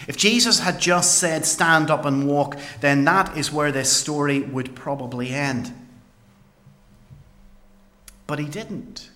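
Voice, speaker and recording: A man's voice: fairly high pitch, fairly even intonation, bright, forceful tone. A man telling the story as an awed paralysed man. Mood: amazed. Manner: slow, earnest storytelling with dramatic pauses. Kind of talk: dramatic first-person Bible monologue.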